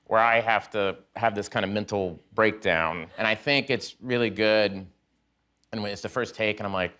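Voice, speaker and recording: A man in his forties, a talk show guest, telling animated stories and doing quick impressions of friends. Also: on the low side, smooth. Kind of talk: casual chat.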